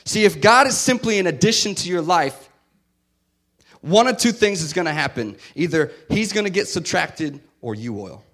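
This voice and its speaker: A man's voice: high voice, expressive, moderate pace. A man preaching a sermon in a conversational way, often acting out the voices of the people he describes. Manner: conversational, acts out quoted voices, swings loud to soft.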